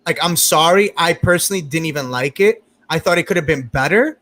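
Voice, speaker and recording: A man hosting a casual group review chat, animated and fond of restarting his sentences. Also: on the high side, fairly quick. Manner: animated, talks over others, many restarts. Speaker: podcast host.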